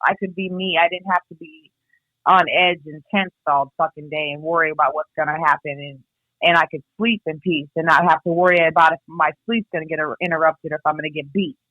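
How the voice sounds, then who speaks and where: A woman from Iowa tells her story bluntly over a tinny, phone-like line. Her words come haltingly and she swears freely. The sound is dry and close. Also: sits low, steady tone, no room sound. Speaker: guest, host's sister. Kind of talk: candid personal account.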